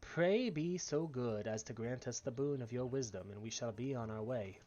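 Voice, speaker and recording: Guy doing a stern scholarly mage lady, slow and formal, kinda muffled lo-fi sound. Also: mid-range voice, a little mellow, close to an everyday voice. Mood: earnest. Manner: slow, formal, earnest speech. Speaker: streamer reading game dialogue.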